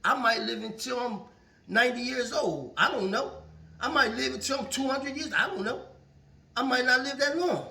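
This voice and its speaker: A man's voice: very high voice, moderate pace, gravelly, sharp tone. A man vlogging a casual motivational monologue, earnest and preachy, often repeating his phrases. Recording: roomy echo, far from the mic.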